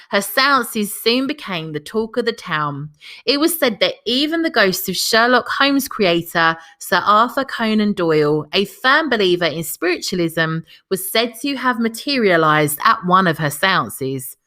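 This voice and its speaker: A woman's voice: medium pitch, bright, forceful tone. A woman hosting a podcast, reading a scripted history narration and breaking off for chatty personal comments. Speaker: podcast host.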